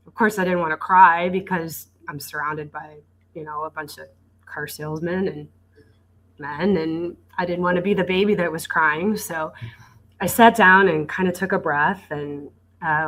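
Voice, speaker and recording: A woman in her forties recounts her working life as a podcast guest, her voice sitting low in pitch. She tells it as a story, animating the quoted exchanges. She often restarts her words with small stammers. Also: fairly bright tone, poor audio. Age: 40s. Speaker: guest, dealership executive. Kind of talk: conversational storytelling.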